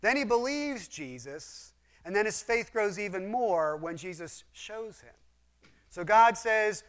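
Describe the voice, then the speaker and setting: Earnest high-voiced man teaching the Bible. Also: lively intonation, measured pace, fairly bright tone. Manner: earnest, explains with rhetorical questions. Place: room with a map display.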